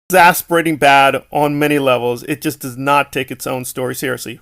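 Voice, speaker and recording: Gravelly, exasperated male film reviewer. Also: medium pitch, flat delivery, a little fast, few pauses, a bit bright. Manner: exasperated, sarcastic, rhetorical questions. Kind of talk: casual opinionated film review.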